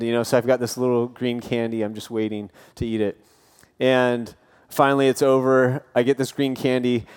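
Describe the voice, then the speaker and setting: A campus pastor in his thirties preaches an earnest, casual sermon in a church auditorium, filled with personal stories and light self-deprecating humor. His mid-range voice has a clean tone.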